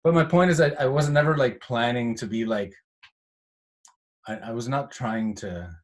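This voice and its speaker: Animated man telling studio stories. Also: mid-range voice, moderate pace. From Canada. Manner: animated storyteller, acts out quotes, swears. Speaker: guest house music producer. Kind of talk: casual chat.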